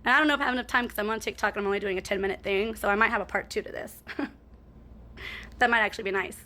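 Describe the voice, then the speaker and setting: A woman's voice: medium pitch, fairly even intonation, rapid-fire, pushed and bright. A woman in a casual storytime monologue, rambling and cussing as she talks to her viewers and keeps asking "right?".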